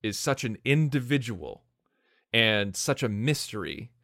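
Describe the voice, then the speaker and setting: A man's voice: lowish voice, sing-song, a little slow, fairly bright tone, no echo, studio quality. A man eagerly sharing his opinions in casual podcast conversation, leaning heavily on "like" and "you know.". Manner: enthusiastic, heavy on "like" and "you know". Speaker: podcast co-host.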